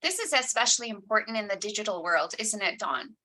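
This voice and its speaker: A woman co-facilitating an online workshop, adding brisk, short remarks to the host. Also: medium pitch, sing-song, pushed and bright, a little hiss or hum, low-quality recording.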